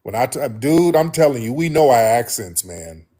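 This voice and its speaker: Blunt animated man talking. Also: medium pitch, moderate pace. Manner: animated, blunt, repeats himself. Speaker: host. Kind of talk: casual monologue to listeners.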